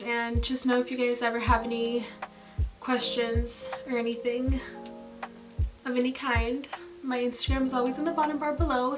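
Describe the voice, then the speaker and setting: A young woman talking casually to her camera about her pregnancy, chatty and gushing, with lots of fillers and laughs. She says she is tired these days. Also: fairly high pitch. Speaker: vlogger. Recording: mic at a distance, music behind. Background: background music.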